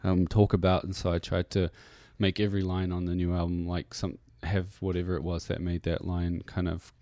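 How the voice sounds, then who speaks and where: New zealand man, very low voice, rambling with fillers, dry studio sound. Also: flat delivery, a little fast, dark tone, dry recording. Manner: rambling, many fillers and restarts. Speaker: musician guest. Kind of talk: casual interview chat. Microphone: radio studio mic.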